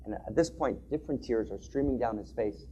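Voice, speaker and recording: A man giving an impassioned talk with a story, animated, often asking "right?" and restarting phrases. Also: medium pitch, a little fast, muffled recording, slight background noise. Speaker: speaker in an interfaith dialogue.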